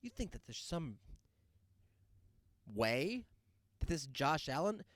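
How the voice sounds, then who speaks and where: A man hosting his own show, ranting loudly and sarcastically, with laughs in between. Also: on the high side, big pitch swings, slow, no room sound, studio quality. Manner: loud, sarcastic rants with laughs. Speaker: podcast host. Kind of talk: casual solo rant.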